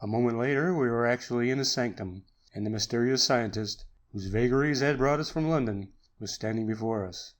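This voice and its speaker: Calm male audiobook narrator. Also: mid-range voice. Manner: measured, unhurried reading. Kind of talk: storybook narration for sleep.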